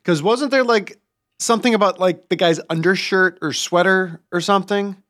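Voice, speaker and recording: A man's voice: high voice, normal speed, fairly bright tone. A young adult man co-hosting a casual podcast, jumping in with teasing questions. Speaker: podcast co-host. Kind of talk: casual chat.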